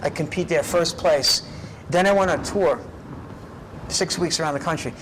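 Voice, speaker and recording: A middle-aged man telling his life story in an interview, animated and often tagging his lines with "right?". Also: fairly high pitch, normal speed, a little hiss or hum, rough recording. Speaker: documentary subject.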